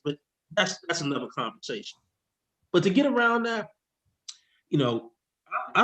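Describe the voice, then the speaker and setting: A man, a tax expert guest, explaining with slides in an excitable, rushing way that keeps interrupting itself. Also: fairly high pitch. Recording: echoey room.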